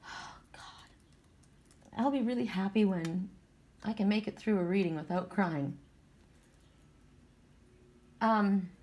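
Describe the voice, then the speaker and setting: Woman, fairly low voice, casual tarot reader, chatty and emotional. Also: fairly bright tone. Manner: emotional, tearful at times, chatty and repetitive. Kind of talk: casual spiritual card reading.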